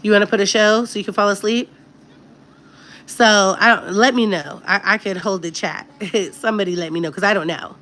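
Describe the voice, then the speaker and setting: A woman's voice: mid-range voice, steady tone, a little fast, fairly bright tone. A woman hosting a casual livestream chat, talking candidly and directly to her viewers. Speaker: livestream host.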